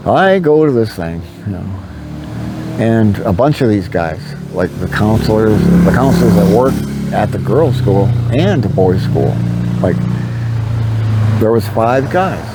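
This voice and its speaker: A man's voice: lowish voice, animated, measured pace, very noisy. An older man telling a candid personal story to his vlog audience, rambling with frequent fillers. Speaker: vlogger. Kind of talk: confessional storytelling to camera.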